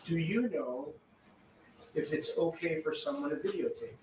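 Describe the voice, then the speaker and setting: A man's voice: on the high side, big pitch swings, normal speed, noisy background. A man acting as an attorney, cross-examining a witness with pointed yes-or-no questions. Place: courtroom. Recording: distant, echoey courtroom mic.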